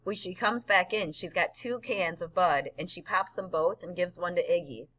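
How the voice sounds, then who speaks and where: A woman's voice: lowish voice, normal speed, highs cut off. A woman narrating an audiobook in a boy's first-person voice, telling the story plainly. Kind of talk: scripted narration.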